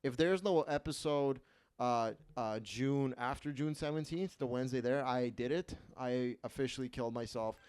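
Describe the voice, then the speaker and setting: A young man hosting a comedy podcast, with a smooth, clean voice at an ordinary pitch. He talks casually and mocks himself, tripping over restarts and half-started sentences as he goes. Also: darkish tone. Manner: self-deprecating, halting with many restarts.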